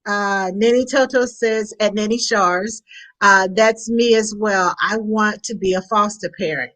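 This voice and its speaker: A woman's voice: mid-range voice, steady tone, fairly bright tone, low-quality recording. A woman hosting a casual live chat, reading viewer comments aloud and stumbling over names. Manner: reads names haltingly, apologetic.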